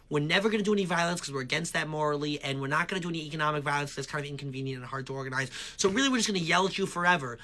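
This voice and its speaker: A man's voice: on the high side, sharp tone. A man delivering an emphatic monologue, punctuating his points with "right?". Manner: emphatic, repeats "right?" for effect. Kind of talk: ranting monologue.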